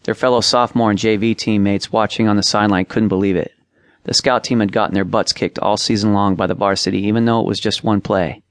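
A man narrating an audiobook, reading plainly and raising his voice for shouted lines. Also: lowish voice, steady tone, fast, dry recording, clean studio sound. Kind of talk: scripted narration.

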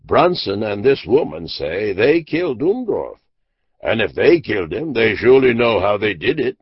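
Blustery excitable gent a man reading him out, loud, gravelly, dull old recording. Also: mid-range voice, moderate pace, no room sound, voice pushed up, heavily acted. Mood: insistent. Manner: loud and exasperated. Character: blustering excitable gentleman, Randolph.

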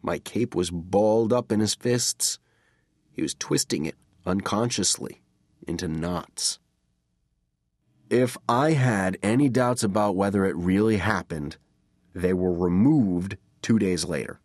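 Brief: male audiobook narrator, low voice, dry close read, measured dramatic storytelling. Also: a little mellow, no echo. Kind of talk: scripted first-person narration.

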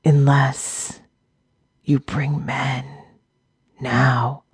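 A woman voicing a dying wounded male orc warrior, with a ghastly rasp, speaking in halting, breathy, half-whispered phrases. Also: extremely low pitch, level tone, no echo, studio quality, exaggerated voice. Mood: weak. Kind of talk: audiobook narration.

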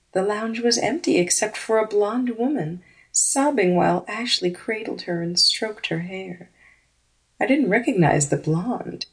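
Female audiobook narrator, mid pitch, slow measured first-person read.

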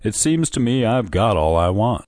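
A man's voice: lowish voice, very animated, normal speed, a little mellow, dry recording, studio quality, voice pushed up. A man voicing a curious, stubborn old man.

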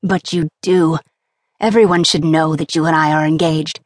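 A happy, tender young man speaking to his new fiancée and his family, as voiced by a woman reading an audiobook. The voice stays fairly low and close to the narrator's own. The recording is close and dry. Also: fairly even intonation, moderate pace, dry recording. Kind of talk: audiobook character voice.

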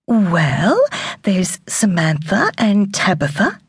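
A woman's voice: mid-range voice, big pitch swings, takes it slowly, husky, no echo, clean studio sound, heavily acted. A woman voicing a sunny-natured young mother in an audiobook, protective and emotional. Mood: thoughtful. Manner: emotional, pleading.

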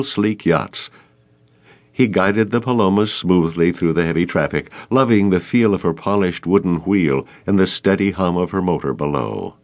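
A male audiobook narrator with a lowish voice and a lively, animated storytelling delivery. He reads with expressive rises and falls. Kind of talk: scripted narration.

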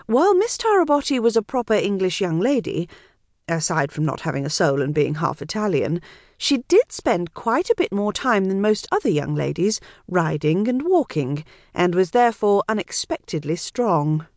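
A woman narrating an audiobook in a wry, measured storytelling manner. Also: mid-range voice, very animated, darkish tone, dry recording, clean studio sound. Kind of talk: scripted narration.

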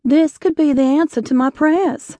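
A woman reading an audiobook, voicing an eager, impulsive young Southern woman in a slightly higher, earnest voice. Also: moderate pace, mellow, no room sound, clean studio sound, lightly acted.

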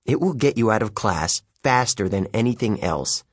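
A male audiobook narrator tells a first-person adventure with a wry, youthful edge, at normal speed. His slightly husky voice moves a lot in pitch, and the close, dry recording has no room sound. His storytelling is lively and wry, with youthful character voices.

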